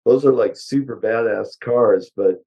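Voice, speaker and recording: An older man, a car engineer, chatting bluntly and ramblingly as an interview guest, his voice hoarse. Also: mid-range voice, measured pace, dark tone, lo-fi sound. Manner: blunt, rambling, with many fillers. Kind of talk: casual interview chat.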